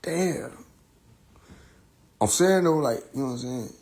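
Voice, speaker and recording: A man hosting a casual live stream, riffing loudly with profanity and frequent laughter. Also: mid-range voice, lively intonation, a little slow. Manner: loud joking rant, heavy profanity, laughing often. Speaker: livestream host. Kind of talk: casual livestream chat.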